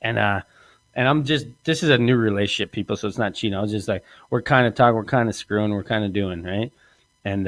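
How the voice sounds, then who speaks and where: A man's voice: medium pitch, no echo. A man hosting a podcast, telling a crude comic story in a rambling way and laughing often. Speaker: podcast host.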